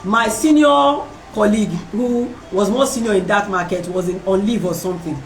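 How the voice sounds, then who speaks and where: A woman hosting a talk, telling a personal story in a lively way and acting out the voices of other people. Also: mid-range voice, normal speed, a little hiss or hum. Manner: animated, acts out voices in her story, laughs often. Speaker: host. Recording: roomy and distant from the mic.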